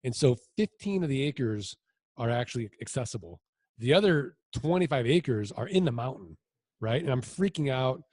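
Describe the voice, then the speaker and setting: A man being interviewed as a land investor, telling stories in a casual, animated way with lots of quoted dialogue. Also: mid-range voice, moderate pace, breathy edge, no echo, studio quality. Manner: animated anecdotes with voiced quotes.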